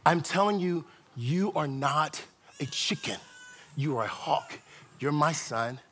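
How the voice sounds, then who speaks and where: A man voicing a stern but patient father hawk who speaks in a calm, firm, fatherly way. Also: a little high, measured pace, slight background noise, pitched below the performer's own voice.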